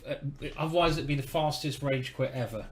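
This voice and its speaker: A man's voice: mid-range voice, fairly quick, a little hiss or hum. Chatty man commentating his chess games. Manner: chatty, self-deprecating asides to chat. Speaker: chess grandmaster streamer. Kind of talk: live-stream chess commentary.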